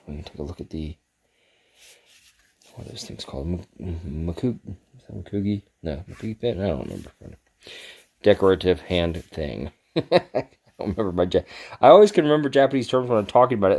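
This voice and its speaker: Deep-voiced man rambling about swords. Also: warm tone. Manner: rambling, self-deprecating, chuckles at himself. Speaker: sword collector reviewing his gifts. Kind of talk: casual show-and-tell vlog.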